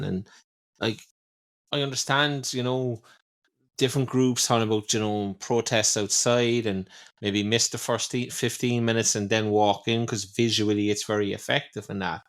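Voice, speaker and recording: A man's voice: mid-range voice, creaky. A man with a Cork Irish accent, a podcast co-host chatting casually and repeating his words as he starts. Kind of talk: casual chat.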